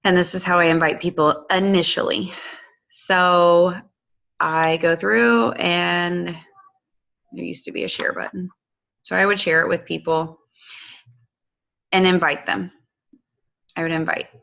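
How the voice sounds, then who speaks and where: A woman's voice: lowish voice, steady tone, a little slow, creaky, pauses often, fairly bright tone, highs cut off. A woman walking viewers through a casual screen-share tutorial, chatty and affectionate with loose fillers.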